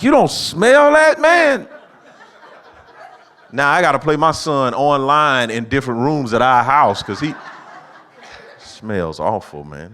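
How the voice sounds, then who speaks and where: A middle-aged man performing stand-up comedy, telling family stories and acting out his own lines in a higher voice. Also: a bit bright, a little hiss or hum. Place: church auditorium with live audience.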